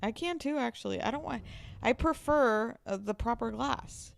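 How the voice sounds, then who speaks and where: A woman's voice: fairly high pitch, normal speed, vocal fry, no room sound. A woman co-hosting a podcast in casual gossip chat, sarcastic and blunt, swearing freely. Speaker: podcast co-host.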